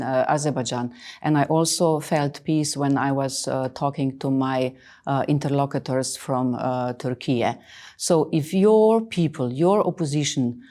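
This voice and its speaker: A woman in her sixties answering interview questions earnestly, emphatic and often pausing with fillers. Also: deep voice, mellow. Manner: emphatic, hesitant with many fillers. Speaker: interviewed official.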